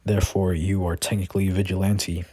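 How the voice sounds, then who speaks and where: Man voicing a calm older male hero, fan-made spoken story, low pitch, dry sound. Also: fast talker, husky, dry recording. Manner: plain unacted reading of quoted lines.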